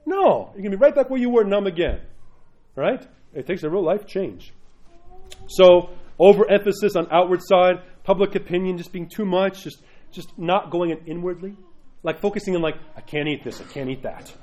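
A man's voice: high voice, normal speed, a little mellow. A male priest giving a conversational teaching talk, often asking "right?" and acting out people's inner voices in quotes.

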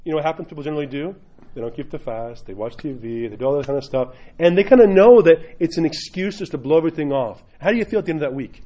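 A man's voice: on the high side, lively intonation, racing, warm tone, lo-fi sound. A man speaking as a priest, giving an informal sermon in a blunt, joking, emphatic way.

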